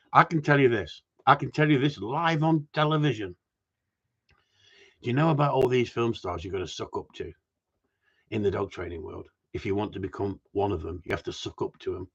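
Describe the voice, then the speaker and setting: Husky blunt gundog trainer. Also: male voice, medium pitch, a bit bright, muffled recording. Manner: blunt, rambling, swears casually. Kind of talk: live stream Q&A chat.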